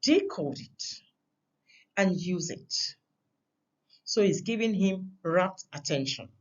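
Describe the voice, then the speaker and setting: A woman teaching a recorded lesson on communication, with an emphatic delivery that stresses words through sharp changes in pitch and loudness. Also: expressive, slow pace, lo-fi sound.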